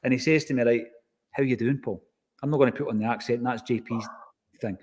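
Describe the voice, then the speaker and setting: A man with a Scottish accent tells a story in relaxed podcast conversation. His voice sits in an ordinary middle pitch, and he acts out the lines he quotes from the people involved. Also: a little fast. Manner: animated anecdotal, acts out quoted exchanges. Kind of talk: casual storytelling.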